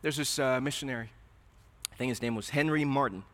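A man's voice: mid-range voice, fairly quick, fairly bright tone. A man preaching a sermon, earnest and questioning, often repeating his words. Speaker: pastor. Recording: reverberant hall.

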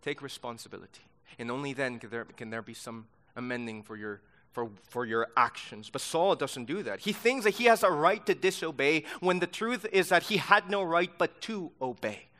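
A man's voice: mid-range voice, lively intonation, moderate pace, few pauses, bright, forceful tone. A man teaching a sermon-style Bible lesson to young people, emphatic and insistent, repeating key words for force.

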